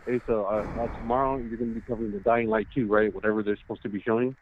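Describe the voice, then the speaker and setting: A man phones in with a hesitant, soft-spoken question. He talks quickly in a slightly low voice. The line is thin like a phone, with a faint hiss behind it. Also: fairly even intonation, narrow, tinny audio. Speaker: caller.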